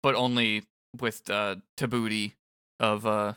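A man co-hosting a casual chat recapping a video game, animated and laughing often. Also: lowish voice, measured pace, clean tone, no room sound, studio quality. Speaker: podcast co-host.

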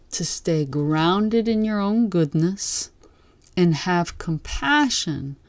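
A woman gives a dharma talk in a slow, gentle, reflective manner, letting long pauses hang between phrases. Her voice is low and mellow. The sound is close and dry. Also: no room sound. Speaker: meditation teacher.

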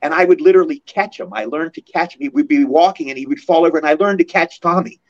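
A man in his sixties, a guest actor in a casual interview, telling animated stories and acting out the people he quotes. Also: a little high, fast. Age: 60s. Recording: muffled lo-fi audio.

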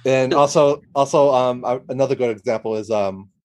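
A man's voice: medium pitch, normal speed, darkish tone. A man as a podcast guest, talking casually and hesitantly with many fillers and restarts. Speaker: guest animator.

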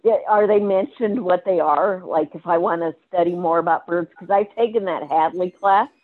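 A woman's voice: lowish voice, normal speed. A woman from Iowa calling in with a question, hesitant and restarting her sentences. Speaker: caller. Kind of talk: call-in question. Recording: tinny phone line.

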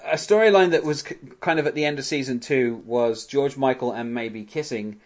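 A chatty male podcast host who walks through scenes of an episode in a loose, casual recap. He laughs often as he goes, and his voice sits at a middling pitch. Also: normal speed.

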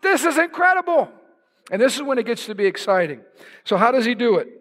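Brief: male preacher, impassioned, raises to shouts, big reverberant church sound. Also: high voice, fast. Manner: impassioned, builds to shouts for emphasis. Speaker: pastor. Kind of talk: sermon. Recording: long hall reverb.

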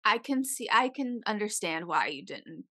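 A woman's voice: mid-range voice, big pitch swings, moderate pace, sharp tone. A young woman co-hosting a podcast, chatting casually and telling a long story full of "like" and swearing. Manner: chatty, swears freely, tells stories with lots of "like". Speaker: podcast co-host. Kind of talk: casual chat.

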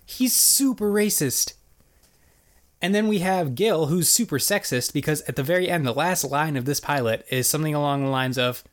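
Speaking at normal speed with a fairly high pitch, the male podcast co-host recounts a cartoon episode. It's a rambling, easygoing retelling, heavy on "like" and "basically."

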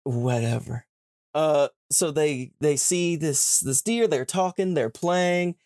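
A young man hosting a podcast, casually retelling a story and slipping into quick character voices. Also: fairly high pitch, a little mellow, no echo, clean studio sound. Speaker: podcast host.

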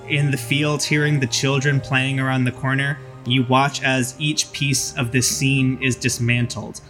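A man's voice: medium pitch, a bit bright. A man narrating vividly as game master of a tabletop role-playing game.

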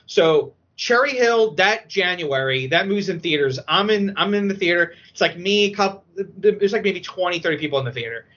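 A man chatting on a podcast, an emotional, excitable storyteller who talks with many fillers. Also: high-pitched, normal speed, hardly any pauses. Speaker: podcast guest. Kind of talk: casual podcast chat. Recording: dull lo-fi audio.

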